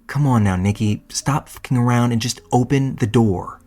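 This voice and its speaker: A man's voice: medium pitch, normal speed, a little mellow, faint music behind, natural voice. A man voicing a pushy stranger at a door, who insists and pleads over and over. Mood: insistent.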